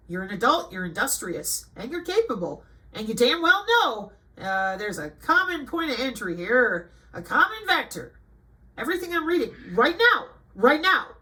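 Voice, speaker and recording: Middle-aged woman host, slightly high, bright edgy voice, flat list reading that flips into sarcastic scolding. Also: normal speed, low-quality recording. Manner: scolding and sarcastic, jumping between flat reading and emphatic outbursts. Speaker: channel host. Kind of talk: reading a list aloud with ranting commentary.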